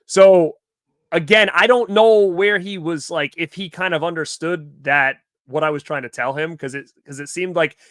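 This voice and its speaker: Male co-host, casual raconteur, bright slightly high voice, acts out quotes, dry close sound. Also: normal speed, no echo. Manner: animated retelling with acted-out quotes, heavy "like" fillers. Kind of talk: casual storytelling chat.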